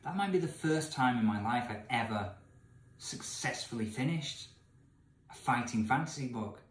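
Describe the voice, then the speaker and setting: An English man in his thirties, ranting in disbelief to the camera, swinging between loud outbursts and muttered asides. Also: medium pitch, lively intonation, moderate pace, roomy sound. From England. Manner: incredulous, ranting, swings from shouting to mumbling. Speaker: vlogger reading a gamebook. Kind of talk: exasperated rant to camera. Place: indoor room with candles, away from home.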